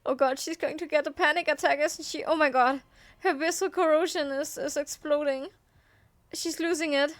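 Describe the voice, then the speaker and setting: High-voiced woman reacting to a game. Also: fairly even intonation, normal speed. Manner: emotional, repeating exclamations. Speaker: reaction video host. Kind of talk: emotional game reaction commentary.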